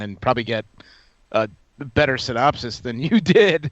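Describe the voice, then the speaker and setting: A man's voice: fairly high pitch, expressive, brisk, fairly bright tone, no echo, dull audio. A man co-hosting a podcast, teasing and joking in casual chat. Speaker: podcast co-host.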